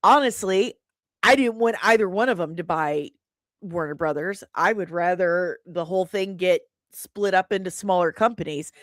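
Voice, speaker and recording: A woman hosting an opinionated commentary show, sarcastic and quick to laugh. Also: fairly low pitch, a bit bright, no echo, clean studio sound. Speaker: host. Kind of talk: casual commentary.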